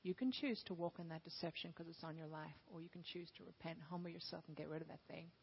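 A woman preacher voicing God as a calm, firm male divine voice, speaking quietly and measuredly in an echoey hall. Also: deep voice, fast talker, creaky, muffled recording, slight background noise, pitched below the performer's own voice. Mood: solemn.

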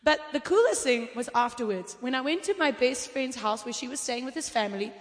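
A woman preacher telling testimonies in an animated, storytelling way, acting out the voices of the people in her stories. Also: fairly high pitch, fairly quick. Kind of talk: sermon testimony. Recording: long hall reverb.

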